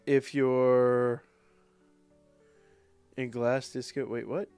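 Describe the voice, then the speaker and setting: A man's voice: medium pitch, little pitch movement, drawn-out words, a little mellow, smooth, no echo, faint music behind. A man streaming a game live, talking to chat in a loose, casual way and swearing and ranting whenever the game frustrates him. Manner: swears a lot, rants in frustration. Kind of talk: live gameplay stream commentary.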